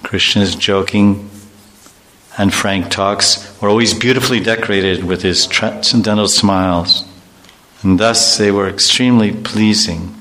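A man's voice: lowish voice, sharp tone. A man voicing a grieving warrior prince who mourns his lost friend, reciting his lament in an earnest, mournful way for a devotional story.

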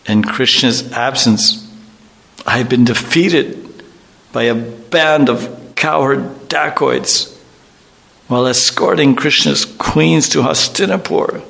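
A man's voice: on the low side, fairly even intonation, a little slow, fairly bright tone. A man voicing a grieving warrior prince who mourns his lost friend, reciting his lament in an earnest, mournful way for a devotional story.

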